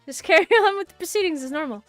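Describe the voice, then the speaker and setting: A woman's voice: very high voice, animated, quick pace, a bit bright, no room sound, soft background music. A woman voicing a fussy, flustered elderly male judge who dithers.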